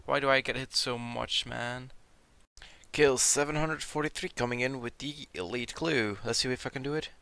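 A young man who is sick, commenting casually over his gameplay, reading out loot drops and swearing when he gets excited. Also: mid-range voice, normal speed, creaky, clean tone, no echo. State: sick, sounding a bit off. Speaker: gaming video creator.

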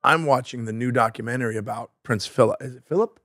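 A man's voice: mid-range voice, quick pace, fairly bright tone, no echo. Podcast co-host, American man, self-deprecating and meandering, dry studio sound. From United States. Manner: rambling, self-deprecating, searches for words. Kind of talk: casual chat.

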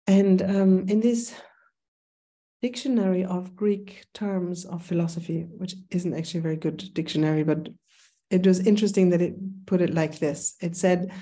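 Mellow-voiced woman lecturing with German accent. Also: lowish voice, steady tone, normal speed. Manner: thoughtful, digressive, with frequent ums. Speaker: seminar instructor. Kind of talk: online philosophy seminar lecture.

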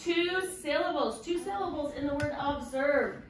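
A woman kindergarten teacher giving a vocabulary lesson, asking slow, patient questions and prompting children to repeat words. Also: sits high, crowd noise. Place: classroom. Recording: very echoey classroom from a distance, faint noise.

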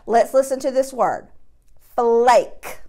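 A woman teaching a phonics lesson to young children, drawing out each sound slowly and patiently, with encouraging praise. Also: fairly high pitch, warm tone. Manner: slow, drawn-out sounding of word parts; encouraging, patient classroom delivery.

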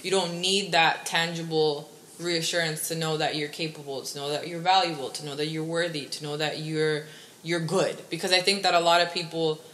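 A woman's voice: deep voice, fairly even intonation, moderate pace, fairly bright tone. A young woman guest in casual podcast chat, frank and reflective, talking in long reasoned sentences.

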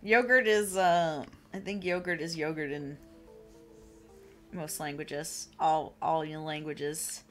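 A woman's voice: low-pitched, steady tone, takes it slowly, fairly bright tone, soft background music. A woman co-hosting a live game stream, chatting wryly and reading out messages from chat. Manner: wry, chatty, reads chat messages aloud.

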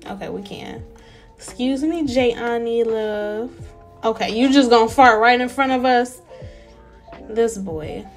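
A young woman giving casual, animated let's-play commentary and talking straight to her viewers. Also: on the high side, a little slow, soft background music. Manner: chatty, animated, talks to viewers as y'all. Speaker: gameplay narrator.

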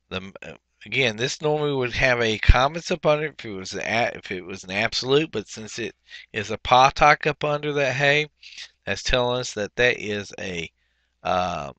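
A man's voice: mid-range voice, bright, forceful tone, dry recording, lo-fi sound. A man teaching a language workbook lesson, explaining step by step with frequent fillers. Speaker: Hebrew teacher.

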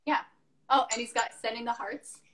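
A woman's voice: on the high side, fairly even intonation, moderate pace, a crowd in the background, low-quality recording. A woman hosting a live online chat, upbeat and reading viewer comments aloud. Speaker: host. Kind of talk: casual chat.

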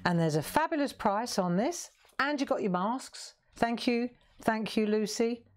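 A woman's voice: a little high, expressive, a little slow. A middle-aged woman hosting a live craft show, chatting playfully with viewers and joking as she shows her work. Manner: chatty, playful, sings snippets and jokes with viewers. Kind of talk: live craft stream chat.

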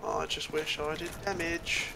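A man's voice: fairly high pitch, little pitch movement, normal speed, vocal fry, background noise. A man chatting easily with friends while playing a co-op game over a headset. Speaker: co-op player. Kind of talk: casual co-op gaming chat.

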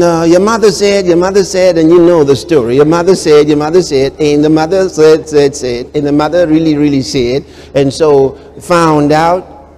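A pastor with a fairly high voice preaches a sermon, swinging from hushed storytelling to loud proclamations while acting out quoted voices. A long reverb tail trails his words.

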